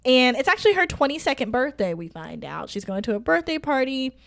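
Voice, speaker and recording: Animated, higher-voiced woman recapping a book. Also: a little fast, creaky. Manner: animated, storytelling recap with laughter and acted quotes. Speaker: podcast co-host. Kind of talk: casual book-club chat.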